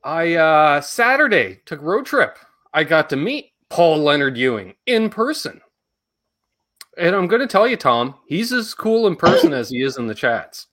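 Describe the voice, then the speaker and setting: Man, casual stream host, upbeat, animated pitch, fairly high voice. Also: moderate pace. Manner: upbeat, reads out viewer names. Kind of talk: casual live-stream chat.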